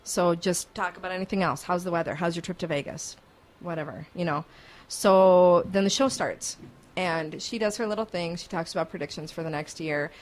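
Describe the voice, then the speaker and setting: A woman's voice: on the low side, normal speed. Chatty lady radio host, spinning a story in the studio. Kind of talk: casual radio chat, storytelling.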